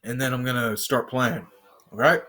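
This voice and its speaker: A man's voice: medium pitch, steady tone, normal speed, bright, forceful tone, a little hiss or hum. A young man from the US in a casual home vlog, chatting and rambling to viewers from his bedroom. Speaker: vlogger.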